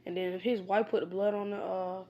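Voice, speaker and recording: Casual woman storyteller, rambling, slangy, lots of fillers, mid-range pitch. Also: flat delivery, normal speed, warm tone, a little hiss or hum. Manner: rambling, many fillers and restarts; informal, slangy. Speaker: fan storyteller. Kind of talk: casual spoken fan story.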